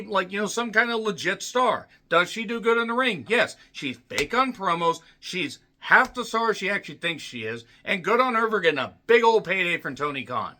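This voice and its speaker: A young man tears into a wrestling show, swearing and yelling one moment, muttering the next. His voice sits high and sharp, with a wide, restless pitch. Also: animated, normal speed, few pauses. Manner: profane, yelling and ranting, swinging between shouts and mutters. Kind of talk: angry ranting review.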